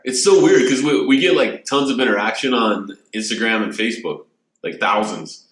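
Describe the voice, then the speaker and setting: A man's voice: mid-range voice, moderate pace, fairly bright tone. A man hosting a casual podcast, loose and jokey, laughing often as he talks. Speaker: podcast host. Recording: echoey room.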